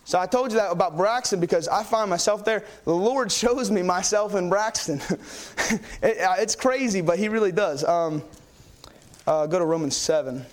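A young male preacher with a notably high voice gives a sermon in church at normal speed. His storytelling is excitable and rambling, packed with fillers and restarts.

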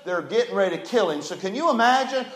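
A man preaching a sermon as pastor, telling stories folksily and swinging from loud emphasis to a hushed low voice. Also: animated, quick pace, reverberant, poor audio.

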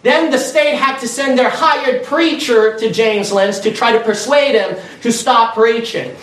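A man preaching a sermon and telling stories in an animated way. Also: very high-pitched, unhurried. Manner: animated, storytelling with energy. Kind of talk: sermon storytelling. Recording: echoey room from far off with faint noise.

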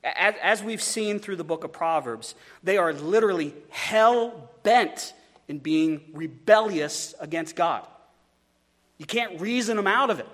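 A man's voice: high-pitched, lively intonation, measured pace, a bit bright, long reverb tail. Man preaching with stumbling repeats. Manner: conversational, stumbling repeats, joking asides. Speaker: pastor. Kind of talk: sermon.

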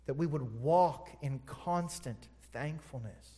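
Preaching slowly in a large hall, a male pastor asks rhetorical questions as his sermon swings from hushed, low stretches to loud, forceful bursts.

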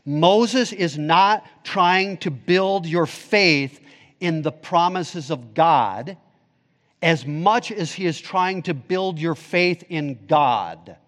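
Preaching man in a reverberant hall. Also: slow. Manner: emphatic preaching, rising for questions and dropping low and soft for key points. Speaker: pastor. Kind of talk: sermon. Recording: long reverb of a large hall.

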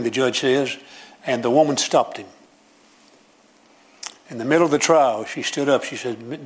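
A man's voice: mid-range voice, fairly even intonation, moderate pace, long pauses, rough recording. A middle-aged man preaching a sermon, telling a story in an earnest, conversational way as a pastor.

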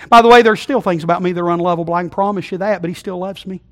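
High-voiced folksy preacher, loud to hushed. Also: male voice, very fast. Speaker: pastor. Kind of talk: sermon. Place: church sanctuary.

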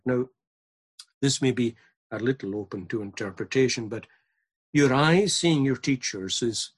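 Husky-voiced man preaching. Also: medium pitch, a little slow, long pauses. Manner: earnest, building to emphatic repetition. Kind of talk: sermon.

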